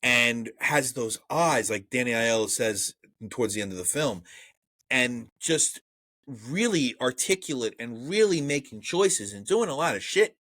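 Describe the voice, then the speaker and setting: A man's voice: mid-range voice, lively intonation, unhurried, pushed and bright, dry recording. A man co-hosting a podcast, chatting loosely about a movie, with fillers and self-corrections. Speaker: podcast co-host. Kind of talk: casual movie review chat.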